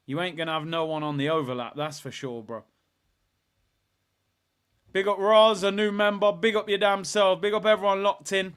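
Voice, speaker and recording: A young man, hosting a live football watchalong and ranting and shouting in exasperation at his team. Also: high voice, moderate pace, long pauses, clear, resonant tone. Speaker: fan watchalong host.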